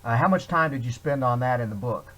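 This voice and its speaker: A man hosting an interview, asking questions in a halting way with many fillers. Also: mid-range voice, animated, a bit bright. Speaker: host.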